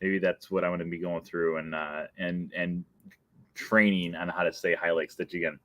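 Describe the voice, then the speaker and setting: A man's voice: deep voice, little pitch movement, normal speed, bright, forceful tone, no room sound. A young adult man hosting a casual live stream, chatty and playful, often laughing at himself. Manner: playful and chatty, breaks into sung jingle and laughs. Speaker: host.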